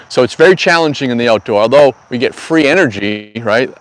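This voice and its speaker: A man's voice: medium pitch, expressive, brisk, low-quality recording. A middle-aged man talks casually on a live stream from an outdoor garden. He rambles through stories with folksy, slangy asides, sounding like an easygoing host chatting with regular viewers. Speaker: cannabis grow channel host.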